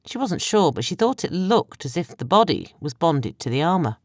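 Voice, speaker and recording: A woman narrating a science fiction audiobook in a measured, clear storytelling manner, close to a studio microphone. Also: fairly low pitch, big pitch swings, no room sound. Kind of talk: scripted narration.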